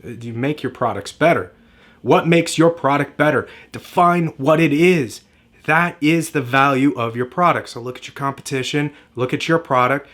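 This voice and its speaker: A man's voice: medium pitch, normal speed, fairly bright tone. A man giving a direct-to-camera marketing lesson, emphatic and repetitive in a motivational way. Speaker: marketing coach.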